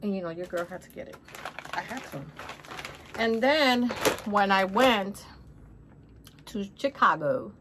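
This haul vlogger, a middle-aged woman speaking English with a Spanish accent, keeps the shopping chat casual and cheerful and calls her viewers "honey." Her mid-range, fairly bright voice moves a little slowly and pauses often, over slight background noise.

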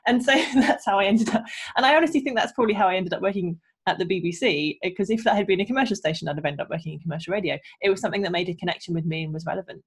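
A woman guest on a video call, telling her career story in an animated way with frequent laughs. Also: fairly low pitch, rapid-fire, slightly rough. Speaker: guest, radio producer and engineer. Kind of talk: casual interview chat.

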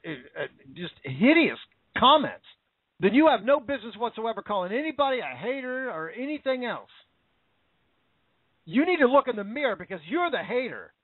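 A man's voice: extremely high pitch, no echo. Fired-up american guy ranting, voice jumps all over, sounds like it's over a phone line. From United States. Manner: indignant, ranting, repetitive. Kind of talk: opinion rant. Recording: dry, phone-like narrow audio.

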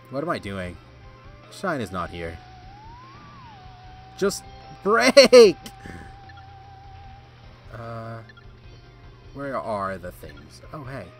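A man streaming live gameplay, reacting excitedly, yelling and laughing at the game. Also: fairly low pitch, slow pace, pauses often, over music. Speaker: gaming streamer.

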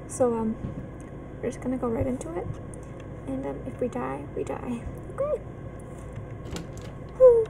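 High-pitched nervous woman gaming. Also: very animated, a little slow, creaky, pauses often, noisy background. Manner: nervous, hesitant, lots of ums. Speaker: gaming channel host. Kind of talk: horror game let's play commentary.

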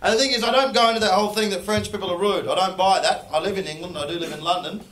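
Loud Australian man doing stand-up. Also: high voice, rapid-fire, faint music behind. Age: 30s. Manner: loud, swearing, teasing the audience. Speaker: stand-up comedian. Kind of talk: stand-up comedy set. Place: comedy club stage. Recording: echoey far-off mic with loud crowd noise. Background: loud crowd and noise.

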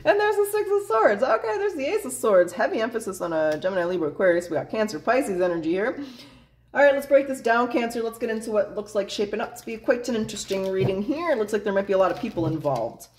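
A woman's voice: mid-range voice, expressive, fast, darkish tone, a little hiss or hum. A woman doing a casual tarot reading in a blunt, chatty way, swearing freely and laughing often. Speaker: tarot reader.

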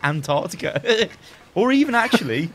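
Brief: lad, gaming banter, mock-grand bragging, very animated pitch. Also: male voice, normal speed, faint music behind. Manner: boisterous, sweary, giggly mock-pompous bragging. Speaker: gamer playing with a friend.

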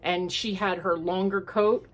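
Talking from home in a mid-range voice with fairly even intonation and a measured pace, a woman hosts her homemade crafting podcast. Her chat is easygoing and unscripted, wandering between thoughts and full of fillers.

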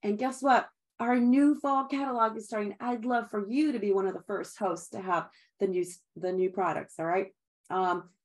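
A middle-aged woman giving an upbeat sales training talk, chatty and encouraging, often laughing and calling her listeners guys. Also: fairly high pitch.

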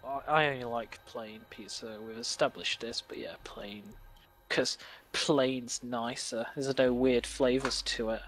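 A man's voice: mid-range voice, fairly even intonation, measured pace, a bit bright. A man chatting casually while playing a game with friends, giggling and teasing them in playful mock threats. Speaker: gamer. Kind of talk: casual chat while gaming.

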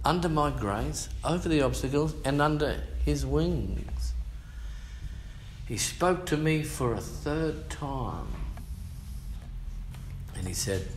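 Older Australian male pastor, slangy testimony preacher, slow delivery, echoey church room. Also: on the high side, animated, noisy background. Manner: colloquial, slangy, emphatic storyteller. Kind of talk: storytelling sermon testimony.

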